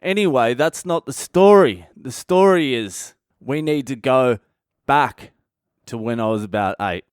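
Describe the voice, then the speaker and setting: A man's voice: mid-range voice, expressive, measured pace, smooth, no echo, studio quality. Swearing Australian man telling a story. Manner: swears constantly, blunt and conversational. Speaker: comedian and podcast host. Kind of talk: casual comic storytelling.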